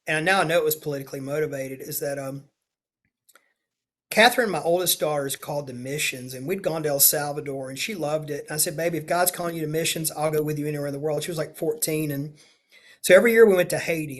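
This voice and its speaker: A middle-aged man speaks in a slightly higher pitch than most men. He is a state senator recounting a personal story as a guest, in an earnest, confessional way, acting out the dialogue he quotes. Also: fast talker. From Louisiana, USA. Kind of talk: personal storytelling in a podcast interview.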